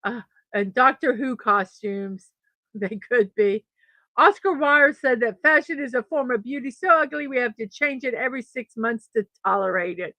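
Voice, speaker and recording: A woman's voice: fairly high pitch, normal speed, sharp tone, no echo. A middle-aged woman hosting a daily morning show in a casual chat, reading birthdays and memes, laughing often and stumbling over names.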